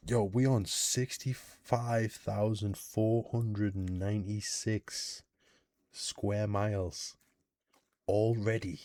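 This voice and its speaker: A British man hosting a casual reaction video, animated and thinking out loud with questions and exclamations. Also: on the low side, takes it slowly. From United Kingdom.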